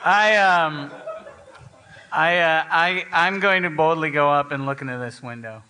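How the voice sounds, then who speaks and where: A man playing a tabletop game on stage, cracking deadpan, drawling jokes. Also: on the high side, measured pace. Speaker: guest player. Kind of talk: live tabletop game play. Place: live stage before an audience.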